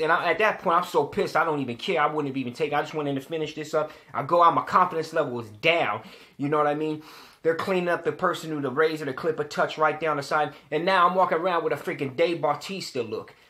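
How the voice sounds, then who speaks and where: Young guy ranting on camera, kinda high voice, swears a lot, keeps repeating himself. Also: fast. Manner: animated, profane, repeats himself when worked up. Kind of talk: casual storytelling to camera.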